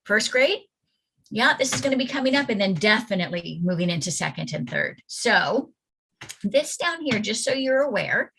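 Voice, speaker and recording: A woman's voice: mid-range voice, very animated, normal speed, vocal fry, a bit bright, slight background noise. A woman reading teacher giving an online phonics workshop for parents, sounding out letters and vowel sounds with care. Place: home or classroom at computer, presenting slides.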